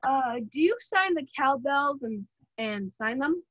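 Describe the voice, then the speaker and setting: A woman's voice: high-pitched, expressive, unhurried, a bit bright, no room sound. A woman hosting an interview, asking playful, jokey questions in a casual chat. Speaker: host. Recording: dry, dull lo-fi sound.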